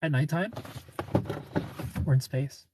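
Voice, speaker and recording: A man's voice: on the high side, slow, heavy background noise. A man from Ohio hosting a live stream, chatting casually, greeting viewers by name and laughing often.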